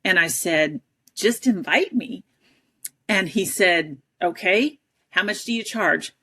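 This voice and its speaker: A woman on an interview show telling a personal story in a lively, self-deprecating way, often acting out the people she quotes. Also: fairly low pitch, slow pace, breathy edge. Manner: animated, self-deprecating, acts out quoted dialogue. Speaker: interview guest, advocate and educator.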